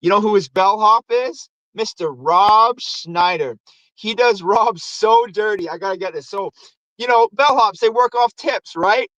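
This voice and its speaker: Animated high-voiced man recapping movies. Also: measured pace, no echo, rough recording. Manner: animated, swearing, acts out movie quotes. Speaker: host.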